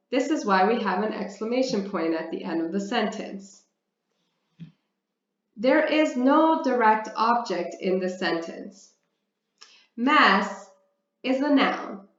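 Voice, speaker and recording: A woman teacher from Canada works through a grammar lesson at an unhurried pace, asking questions and answering them herself. The recording has a roomy echo and a slightly dull, muffled tone. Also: fairly high pitch, fairly bright tone. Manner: deliberate, explains step by step, often asks and answers her own questions. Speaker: English teacher. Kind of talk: slow, careful grammar lesson.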